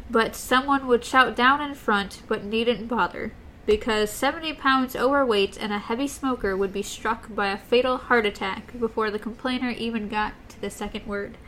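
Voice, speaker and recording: A woman with a slightly high voice walks through a book's plot in relaxed conversation, slipping in quoted lines from the characters. A faint noise sits under the recording. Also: moderate pace. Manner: recaps the plot, quoting characters. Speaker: podcast co-host. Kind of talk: casual book discussion.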